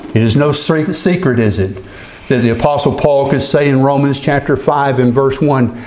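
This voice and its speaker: Man, pastor, sermon, measured delivery, slows for scripture readings. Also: mid-range voice, darkish tone, slight background noise.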